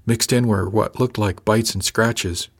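A man narrating a first-person novel in a measured, dry, even storytelling manner. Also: lowish voice, slightly rough. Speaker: audiobook narrator.

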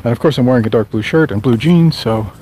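A man's voice: mid-range voice, fast, mellow. A man, a novelist, rambling casually while walking along a town street. He wanders between thoughts, corrects himself often and makes dry asides. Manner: meandering, self-correcting, wry. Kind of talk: casual rambling monologue on a walk. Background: faint traffic.

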